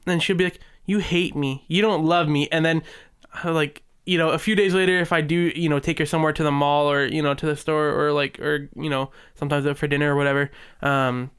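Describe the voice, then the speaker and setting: A man's voice: fairly high pitch, flat delivery, fast talker, a bit bright, smooth. A young man co-hosting a podcast, telling long rambling stories full of fillers and acted-out quotes. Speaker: podcast co-host. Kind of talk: casual chat.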